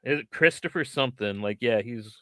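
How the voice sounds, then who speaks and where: A man's voice: mid-range voice, a little fast, fairly bright tone, no echo. A man chatting casually on a livestream, laid-back and trailing off while he searches for names.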